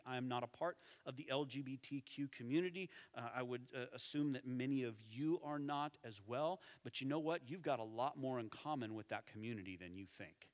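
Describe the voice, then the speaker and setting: A man preaching a sermon as pastor, conversational and animated, dropping to soft tones for emphasis. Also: mid-range voice. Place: church sanctuary. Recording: reverberant hall.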